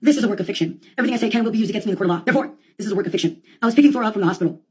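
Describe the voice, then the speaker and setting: A woman delivering a rambling, profane comic monologue full of deadpan asides. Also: mid-range voice, rapid-fire, husky. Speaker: comedian.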